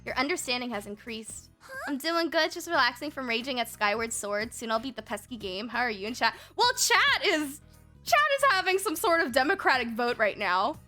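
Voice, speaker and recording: A woman's voice: sits high, big pitch swings, normal speed, pushed and bright, faint music behind. A young woman livestreaming a game, chatting casually with her chat, giggling often, swearing freely and reading game text aloud. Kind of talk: casual gaming stream chat.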